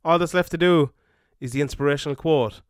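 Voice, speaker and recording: A man's voice: a little high, a little fast, clean tone, no echo, studio quality. A man co-hosting a podcast, blunt and sarcastic, swearing freely in casual banter. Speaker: podcast co-host.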